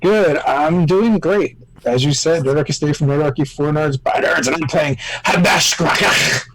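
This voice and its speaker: A man's voice: on the high side, normal speed, low-quality recording. Jokey upbeat man. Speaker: player.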